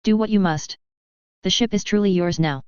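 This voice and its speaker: A woman voicing a cold, smug female ship AI that speaks calmly and condescendingly. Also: mid-range voice, normal speed, clean tone, no echo, close to an everyday voice. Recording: dry, slightly dull lo-fi recording.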